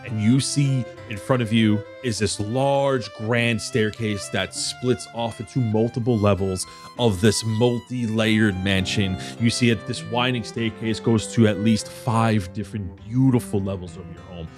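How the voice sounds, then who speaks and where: A man narrating a tabletop game as dungeon master, describing scenes with restarts and pauses. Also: fairly low pitch, fairly even intonation, over music.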